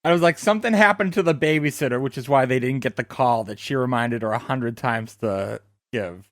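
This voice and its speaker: Male podcast co-host, mid-pitched, dry close sound, jokey and quick to laugh. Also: no echo. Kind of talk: casual chat.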